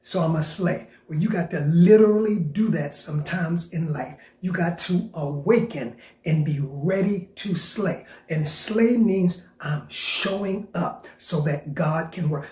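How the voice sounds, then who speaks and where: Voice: medium pitch, darkish tone, echoey room. A preacher delivering a sermon, emphatic and repetitive, often calling out directly to the listener. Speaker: preacher hosting a faith broadcast.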